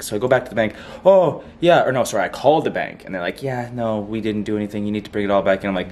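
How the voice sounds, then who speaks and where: A man vlogging casually, ranting and swearing with animated outbursts. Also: on the low side, very fast, few pauses. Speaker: fitness vlogger. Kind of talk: casual vlog rant.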